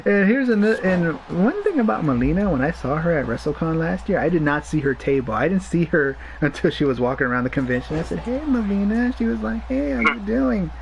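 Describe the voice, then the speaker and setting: A man chatting as co-host, telling animated stories, laughing often and calling his friend bro. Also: fairly high pitch, fast talker, hardly any pauses, background noise. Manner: animated storyteller, laughs a lot, says bro. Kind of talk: casual chat.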